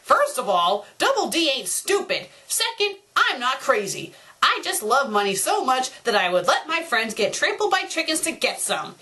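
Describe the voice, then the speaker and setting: A greedy, loud-mouthed cartoon boy ranting bluntly about how he's been portrayed, played by a woman. The voice is bright and lively, and its pitch jumps around a lot. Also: normal speed, hardly any pauses, exaggerated voice.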